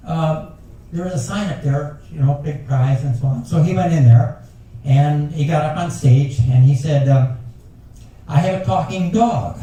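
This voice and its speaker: Older man, rambling folksy joke teller, mellow dark voice, roomy far-off recording. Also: on the high side, a little hiss or hum. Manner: folksy storyteller with rambling asides. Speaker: talent show joke teller. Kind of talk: stand-up joke telling. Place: ship's lounge at a passenger talent show. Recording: echoey room taped from far off.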